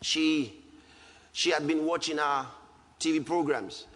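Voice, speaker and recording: A man with a Nigerian English accent preaching a sermon, emphatic, dropping low and calm then rising to loud outbursts. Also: slow pace, long reverb tail. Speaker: pastor.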